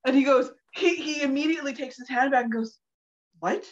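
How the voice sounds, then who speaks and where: High-voiced woman telling a lively story. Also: fast. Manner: animated, laughing storyteller. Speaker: guest. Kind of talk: casual storytelling chat. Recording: dull lo-fi audio.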